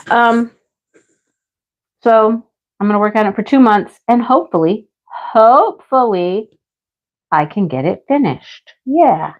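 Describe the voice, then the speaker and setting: A woman's voice: mid-range voice, darkish tone, highs cut off. A woman hosting a casual craft livestream, chatting and laughing as she answers viewers by name. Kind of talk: casual live chat with viewers.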